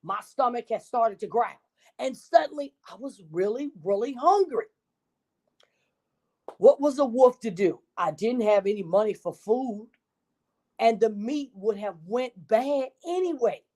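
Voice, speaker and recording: A woman's voice: on the high side, expressive, unhurried, dark tone. A woman voicing a self-pitying male wolf who tells his own side of the story in a wheedling, innocent tone.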